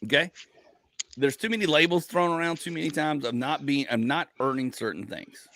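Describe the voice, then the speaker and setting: A male comedian hosts a casual podcast, telling stories in an animated, rambling way full of restarts and some swearing. His voice sits on the high side and moves at a normal speed. The recording is dry.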